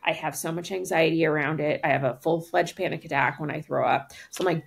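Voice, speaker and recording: A woman co-host tells a story in casual podcast chat, her voice sitting a little low. She acts out both sides of the exchange and scatters "like" through her sentences. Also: fairly even intonation, brisk, vocal fry, hardly any pauses. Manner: frequent "like" fillers.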